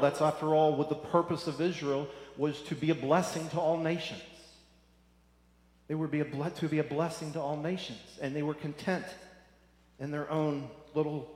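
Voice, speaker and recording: A man's voice: fairly high pitch, darkish tone. A man preaching a sermon, earnest and repeating phrases for emphasis. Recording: echoey hall.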